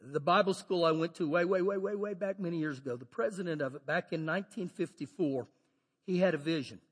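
A pastor preaching a sermon, animated, moving between loud shouted lines and low quiet asides. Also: male voice, brisk, slightly rough. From Texas. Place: church sanctuary. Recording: long hall reverb.

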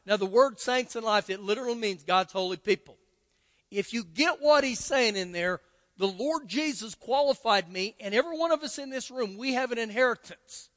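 A man's voice: extremely high pitch, moderate pace, a bit bright. An older man with a Texan accent preaching a sermon as pastor, emphatic and repeating key phrases for stress. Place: church sanctuary. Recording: long church hall reverb.

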